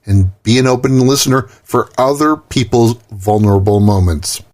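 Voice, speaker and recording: A man's voice: mid-range voice, normal speed, darkish tone. A male host asking short interview questions in an upbeat way. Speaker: podcast host.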